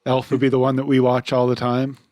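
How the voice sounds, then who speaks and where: A man co-hosting a podcast in casual chat, answering in a hesitant, low-key way. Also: completely flat delivery, brisk, darkish tone. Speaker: podcast co-host.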